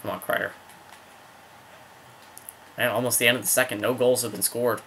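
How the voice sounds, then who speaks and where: A young man talks through his hockey video game in a casual, rambling way and breaks into excited outbursts whenever a play happens. His voice is bright and forward at an ordinary middle pitch. A faint hiss of noise sits under the recording. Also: moderate pace, gravelly. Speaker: gaming video host.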